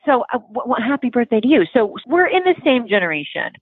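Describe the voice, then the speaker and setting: Here the relationship expert in her forties sounds on the high side, sing-song and fast, with a breathy edge. As an interview guest in casual chat she is frank, blunt and philosophical, and the audio is dry and phone-like, tinny.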